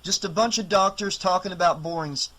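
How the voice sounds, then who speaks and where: A man's voice: high-pitched, a little fast, sharp tone, pitched above the performer's own voice, poor audio. A man reading an audiobook, voicing a tired, kindly middle-aged male doctor who talks plainly and reluctantly. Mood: weary.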